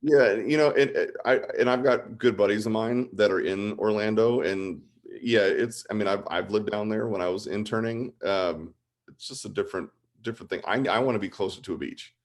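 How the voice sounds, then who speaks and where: A man in his forties who grew up in Illinois, a guest on a casual podcast, talking in an animated, rambling, enthusiastic way. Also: fairly low pitch, brisk. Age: 40s. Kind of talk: casual interview chat.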